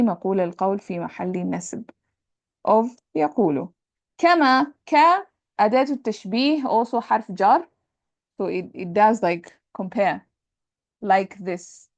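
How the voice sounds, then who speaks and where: A woman teacher walks students through Arabic grammar, patient and repetitive, mixing English with Arabic terms. Her voice has a gravelly edge. The sound is dry and close, with no room echo. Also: mid-range voice, darkish tone. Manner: explains patiently, repeats terms, checks understanding with "right?". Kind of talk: lecture on Arabic sentence parsing.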